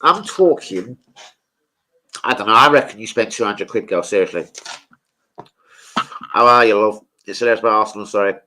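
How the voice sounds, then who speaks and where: A middle-aged man, hosting a casual football fan livestream and bantering with viewers in a sweary, animated way. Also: fairly low pitch, a little fast, low-quality recording. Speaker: football fan channel host.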